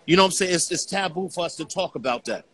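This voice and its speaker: Earnest middle-aged man, bright voice. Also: a little high, expressive, quick pace. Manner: earnest, repeats "you know what I'm saying". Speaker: guest. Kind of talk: casual conversation.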